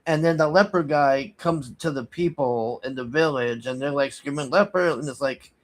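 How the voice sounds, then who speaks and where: A man casually recapping a movie plot, rambling and halting with many restarts, sighing in exasperation. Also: medium pitch, fairly even intonation. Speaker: movie reviewer.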